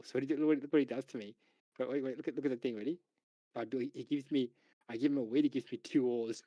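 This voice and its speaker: A man streaming live, excitedly telling a board game story to friends in voice chat, repeating himself and laughing as he goes. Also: medium pitch, fast talker, dry recording, muffled recording.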